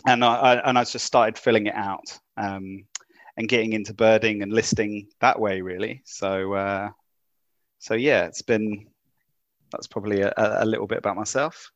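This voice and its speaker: A man's voice: fairly low pitch, fairly even intonation, normal speed, dry recording, muffled recording. A man from the UK with an English accent turning Kiwi, chatting as a podcast guest with many ums and restarts. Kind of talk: casual interview chat.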